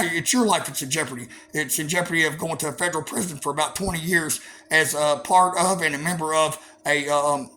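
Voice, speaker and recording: A man with a drawl, talking high in his range, rants combatively to his viewers. His talk is profane and full of stammered fillers, with a faint hiss of noise behind him. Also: a bit bright. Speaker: vlogger. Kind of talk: angry profane monologue to camera.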